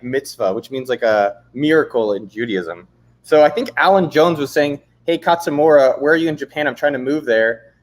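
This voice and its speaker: A man's voice: fairly high pitch, a little mellow. A man hosting a live stream, reading comments aloud and chatting casually with frequent swearing and jokes. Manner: casual, profane, joking, reads chat aloud. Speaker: livestream host. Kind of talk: casual livestream chat. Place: San Diego, California.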